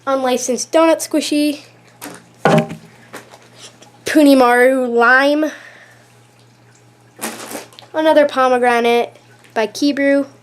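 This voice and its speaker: A high, bright-pitched woman talks through a casual show-and-tell vlog. She is chatty and gushing, leaning on "like" and repeating "really, really." She films on a handheld camera that shakes at times. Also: steady tone, takes it slowly, long pauses, a little hiss or hum. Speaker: YouTube vlogger showing her collection. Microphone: handheld camera, shaking at times.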